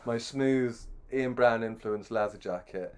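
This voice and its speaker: A man's voice: medium pitch, unhurried, darkish tone, clean tone. A middle-aged man telling a long, self-deprecating anecdote with many restarts. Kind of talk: anecdotal storytelling.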